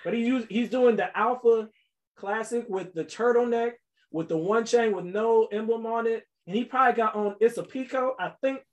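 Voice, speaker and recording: A man with a notably high voice co-hosts a loose, comedic podcast. He cracks jokes, riffs on the story and cuts in often with quick asides. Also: dull audio. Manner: animated, joking, interjects often. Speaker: podcast co-host. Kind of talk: casual comedic podcast banter.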